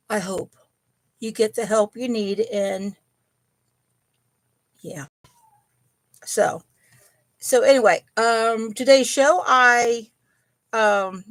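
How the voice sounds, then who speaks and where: The middle-aged host of a yarn and crochet channel leads a relaxed home live chat, unhurried and rambling, with lots of ums and little apologies. Her mid-range voice has a gravelly, fry-edged texture, recorded close and dry with no room echo.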